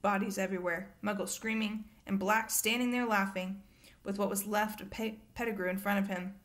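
A woman's voice: mid-range voice, fairly even intonation, brisk, a bit bright, close to an everyday voice. A woman reading aloud and voicing a middle-aged male government minister who sounds pompous and shaken. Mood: solemn.

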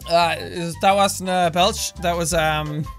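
A man hosting a gaming channel, recording intros at a studio mic with a pop filter, energetic and loud, shouting his openings and laughing often. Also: fairly high pitch, slow, faint music behind. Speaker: video game channel host. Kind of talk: recording video intros and outtakes.

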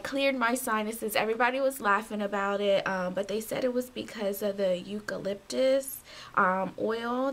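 A woman's voice: medium pitch, fairly bright tone. A young woman vlogging a casual hair product review, chatty and loose with fillers, in a just-woke-up morning voice. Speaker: beauty vlogger.

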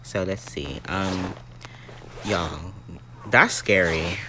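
A man's voice: sits low, extremely slow, noisy background. A young man giving dramatic, easily startled commentary on a mobile game as he plays. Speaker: gaming YouTuber.

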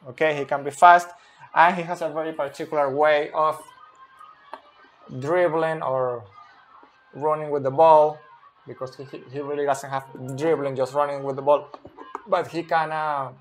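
A man who speaks Spanish natively, analysing football tactics in English, hesitant and pausing often to search for words. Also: fairly high pitch.

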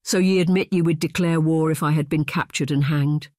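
A narrator voicing a proud, hot-headed young Highland warrior, a man with a Scottish accent who speaks in an impassioned, defiant way. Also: steady tone, fairly quick, darkish tone, no echo, studio quality, lightly acted.

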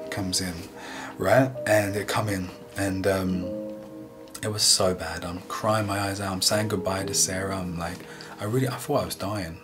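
A man sharing a personal faith testimony in an earnest, emotional, halting way. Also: sits low, fairly even intonation. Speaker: guest sharing a healing testimony. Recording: music playing underneath.

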